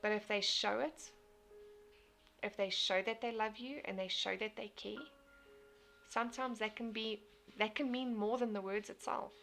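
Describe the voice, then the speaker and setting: A woman's voice: mid-range voice, fairly even intonation, moderate pace, vocal fry, long pauses, fairly bright tone, faint music behind. A young woman, hosting a casual motivational live stream, talking earnestly and reading out viewer comments. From South Africa. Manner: earnest, repeats and restarts phrases.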